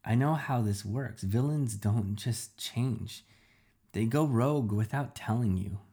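A man's voice: mid-range voice, a little slow, warm tone, lightly acted. A man reading a storybook aloud, voicing a secretive young girl genius who argues insistently. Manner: pressing, argumentative.

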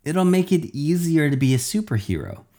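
A man voicing a calm, practical girl sidekick in a storybook reading. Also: a little high, normal speed, pitched above the performer's own voice.

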